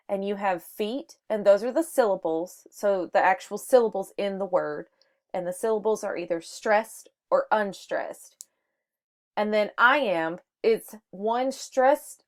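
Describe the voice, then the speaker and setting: Woman, teacher, slow unhurried pace, step-by-step explanation. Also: mid-range voice, a little mellow. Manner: explanatory, with frequent fillers and restarts. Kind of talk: microteaching lesson on sonnets.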